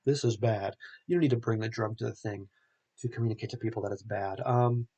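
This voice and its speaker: A man's voice: on the low side, steady tone, fast, mellow, breathy edge, highs cut off. A young man hosting a podcast, recapping a film in a rambling, casual way full of filler words. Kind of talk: casual chat.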